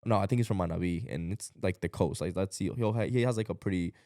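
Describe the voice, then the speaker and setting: A man from Ecuador co-hosting a podcast, talking fast in a rambling, animated way with plenty of slang. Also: deep voice, no room sound, clean studio sound. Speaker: podcast co-host. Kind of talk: casual podcast chat.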